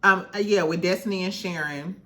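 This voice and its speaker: A woman's voice: on the low side, brisk, bright, forceful tone. A woman recapping a reality show in casual chat, candid and swearing freely, laughing often.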